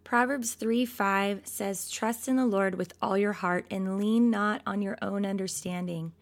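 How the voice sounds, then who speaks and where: A woman of medium pitch and measured pace teaches a devotional Bible lesson, addressing her audience directly with lively energy. Between scripture readings, she ridicules complaints by slipping into put-on whiny voices.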